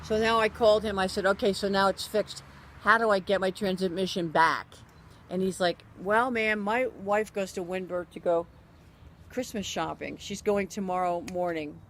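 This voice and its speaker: A woman recounting a personal story in a relaxed, conversational way. She stays animated and acts out what others said as she goes. She often breaks off and restarts her sentences mid-thought. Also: mid-range voice, moderate pace, slight background noise. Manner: animated, acts out other people's quoted lines; frequent restarts and self-corrections. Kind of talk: casual spoken anecdote.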